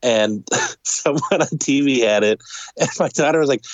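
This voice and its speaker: A man's voice: medium pitch, a little fast, no room sound. A man co-hosting a podcast in casual chat, laughing often and chiming in. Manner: laughs often, chimes in with short replies. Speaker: podcast co-host.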